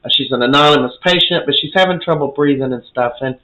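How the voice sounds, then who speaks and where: A man's voice: mid-range voice, quick pace, pushed and bright, rough recording. A man giving a casual, chatty recap of a soap opera episode, opinionated and full of fillers.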